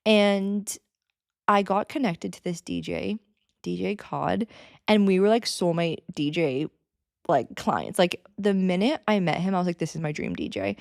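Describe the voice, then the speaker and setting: A woman in her thirties telling a personal story in a chatty, excitable way with lots of fillers, as a podcast host. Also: fairly low pitch, a little slow, gravelly, no echo, clean studio sound. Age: 30s. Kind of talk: casual storytelling.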